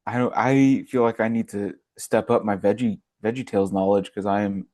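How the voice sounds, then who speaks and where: A man's voice: fairly low pitch, steady tone, normal speed, darkish tone. A man co-hosting a podcast in casual chat, making sarcastic jokes and laughing often. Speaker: podcast co-host.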